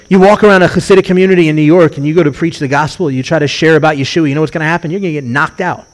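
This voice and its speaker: Animated preaching man, fairly high voice. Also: racing, hardly any pauses. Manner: animated storytelling, acts out quoted voices. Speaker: rabbi. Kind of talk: sermon.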